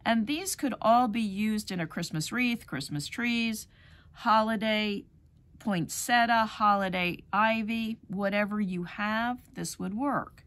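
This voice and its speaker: A woman's voice: mid-range voice, slow, fairly bright tone. A middle-aged woman teaching rug hooking, chatting through fabric colors one by one in a demonstration. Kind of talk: demonstration lesson.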